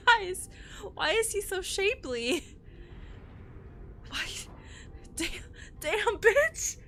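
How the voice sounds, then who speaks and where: A woman's voice: very high voice, sing-song, slow, pushed and bright, faint music behind. A young woman streaming a game, chatting casually with a friend and reading game text aloud, laughing often and swearing. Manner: giggly, swears, laughs hard.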